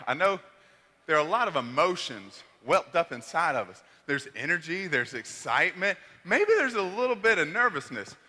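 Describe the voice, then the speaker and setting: A man with a Southern country accent giving an energetic motivational keynote, shouting and leading the crowd in call-and-response. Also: high-pitched. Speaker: motivational speaker. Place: large hall. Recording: echoey large hall with faint room noise.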